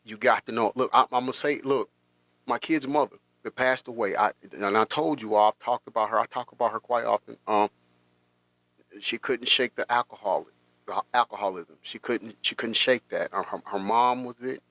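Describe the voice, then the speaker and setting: A man hosting a podcast, telling a personal story in a halting, emotional way with many restarts. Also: mid-range voice, a bit bright, dry recording. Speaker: podcast host.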